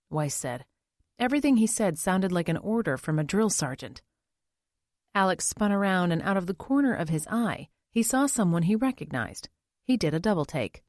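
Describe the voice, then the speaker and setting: A woman narrating an audiobook in an even, measured storytelling manner. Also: lowish voice, no echo, studio quality. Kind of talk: scripted narration.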